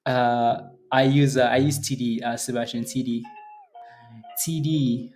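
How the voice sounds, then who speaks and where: A man's voice: mid-range voice, steady tone, a little slow, a little mellow, faint music behind. A man hosting a live day trading stream, chatting casually, laughing often and answering viewers by name. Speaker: day trading livestream host.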